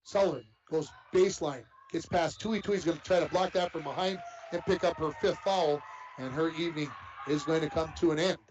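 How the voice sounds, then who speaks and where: A man's voice: on the high side, fairly quick, darkish tone. Folksy man calling a girls' basketball game. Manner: folksy, chatty asides between plays. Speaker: play-by-play announcer. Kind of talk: live sports commentary. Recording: dull lo-fi broadcast audio with faint noise.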